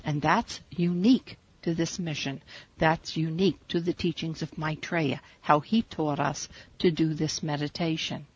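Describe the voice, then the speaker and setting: Woman, meditation teacher, slow soothing guidance, husky voice. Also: deep voice, fairly even intonation. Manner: slow, measured, soothing instruction. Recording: dull lo-fi recording.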